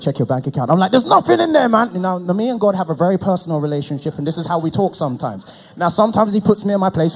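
A young adult man with a high voice preaches, recounting his personal testimony with animation before building to loud, impassioned preaching.

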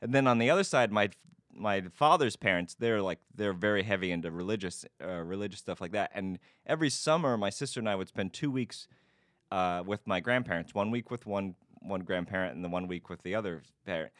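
A man in his late thirties chatting casually, telling family stories in an animated way. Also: a little fast, no room sound, clean studio sound. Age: 30s. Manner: animated storyteller, mimics relatives in high voices. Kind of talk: casual chat. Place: Los Angeles.

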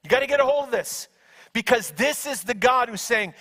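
A man's voice: very high voice, brisk. A man preaching a sermon, telling stories dramatically and raising his voice at key moments. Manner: animated storytelling, acting out angels with shouts. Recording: long hall reverb.

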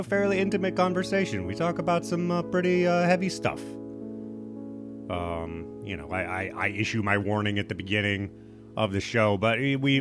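A man hosting a podcast, talking casually in a rambling, profane, self-mocking way. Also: on the low side. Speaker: podcast host.

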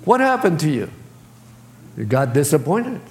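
A man's voice: on the high side, sing-song, measured pace, slight background noise. A man preaching a sermon as pastor, speaking in plain colloquial phrasing and acting out voices. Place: church sanctuary. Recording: echoey church hall.

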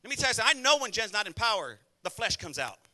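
A man preaching a sermon as pastor, talking quickly and emphatically, and calling out to the congregation for responses. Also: high-pitched, sing-song, bright, forceful tone. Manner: rapid, conversational delivery.

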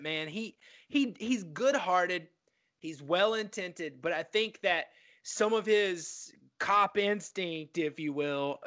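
A man co-hosting a podcast, chatting casually about a film, excitable and profane, full of fillers and restarts. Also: high-pitched. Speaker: podcast co-host.

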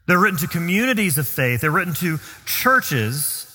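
Southern guy preaching, earnest and emphatic, bright tense voice, big echoey church. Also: on the high side, big pitch swings, breathy edge. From Southern United States. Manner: earnest, emphatic, slows down on key phrases. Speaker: pastor. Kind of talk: sermon. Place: church sanctuary.

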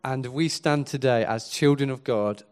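A man's voice: mid-range voice, unhurried, clean tone. Earnest male preacher. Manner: earnest, builds from quiet to emphatic. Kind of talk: sermon.

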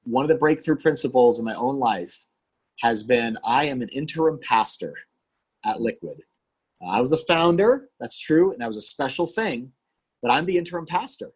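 A man in his forties, a pastor and podcast guest, telling personal stories in an earnest, animated, candid way. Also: medium pitch, moderate pace, breathy edge. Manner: earnest, animated, acts out quoted dialogue. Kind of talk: candid conversational storytelling.

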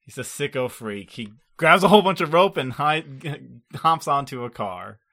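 A man's voice: on the high side, sing-song, normal speed, fairly bright tone. A man co-hosting a podcast, recapping an anime episode in loose casual chat, laughing often and swearing. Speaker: podcast co-host.

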